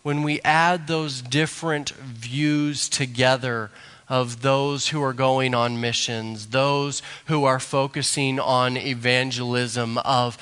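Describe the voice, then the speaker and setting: A male pastor, preaching a sermon slowly and deliberately, building to emphatic rises. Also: mid-range voice, fairly bright tone, clean tone. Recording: long hall reverb.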